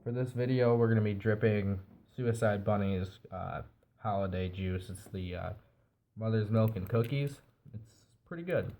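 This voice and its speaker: A product reviewer with a fairly low, nasal voice, stuffed up from a cold, talks at a normal speed while casually putting a device together. He stays relaxed and explains each step as he assembles it. The recording quality is low.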